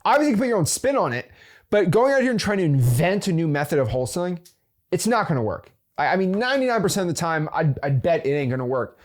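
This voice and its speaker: Man, casual motivational host, very lively pitch, devil's-advocate delivery, fillers and restarts. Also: fast talker. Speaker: host of a real estate investing channel.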